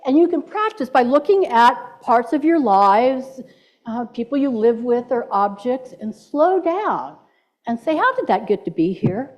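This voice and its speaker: A woman's voice: on the high side, lively intonation, a little slow. A middle-aged woman minister giving a playful sermon in a church and leading the congregation in call-and-response. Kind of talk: sermon with audience participation. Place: church sanctuary. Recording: dull lo-fi church recording.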